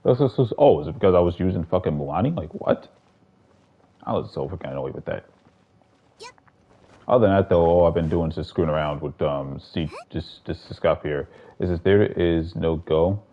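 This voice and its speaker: A man with a very low voice rambles through casual gaming livestream commentary, swearing freely and restarting his sentences. The sound is dull and lo-fi, like compressed stream audio. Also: expressive, moderate pace. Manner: rambling, profane, restarts often.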